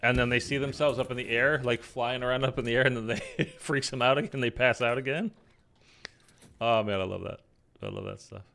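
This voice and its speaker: A man telling a personal story in casual chat, rambling with many fillers and loudly acting out quoted lines. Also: medium pitch, a little fast, vocal fry, slight background noise. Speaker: streamer. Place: in Los Angeles.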